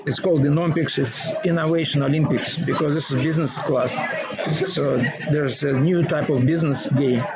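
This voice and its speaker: A man with a Russian accent, a former teacher talking casually, animated and laughing often, in broken English. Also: a little high, normal speed. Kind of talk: casual conversation. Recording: dull sound with crowd noise.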